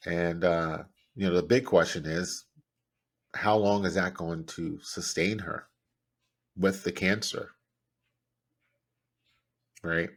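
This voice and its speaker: A man hosting a podcast, telling a personal story in a halting, grief-stricken way with many restarts. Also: low-pitched, fairly even intonation, slightly rough. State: grieving, close to tears. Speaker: podcast host.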